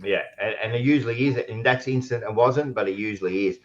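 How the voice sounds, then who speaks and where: A man's voice: on the low side, fast, dull audio. Rambling Australian man hosting a footy podcast. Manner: rambling, restarts often, blunt and swears. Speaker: podcast host. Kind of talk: casual sports chat.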